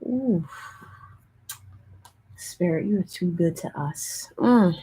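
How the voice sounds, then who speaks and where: A young woman tarot reader chatting casually with viewers in a hushed, half-whispered voice, often calling out to them directly. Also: lowish voice, expressive, slow, pauses often, breathy edge, poor audio. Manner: chatty, keeps addressing viewers as "you guys". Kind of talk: casual livestream tarot chat.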